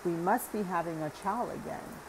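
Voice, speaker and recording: A woman's voice: on the low side, normal speed, noisy background, natural voice. Woman reading a teasing cheerful old wife. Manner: teasing, half-whispered asides.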